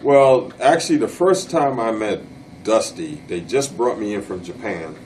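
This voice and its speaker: A man's voice: fairly low pitch, lively intonation, normal speed, a little mellow, far from the mic, a little hiss or hum, low-quality recording. A man who wrestled professionally, telling road stories in an interview, blunt and plain-spoken with casual dialect grammar. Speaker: interviewee, former pro wrestler. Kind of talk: casual storytelling in a shoot interview.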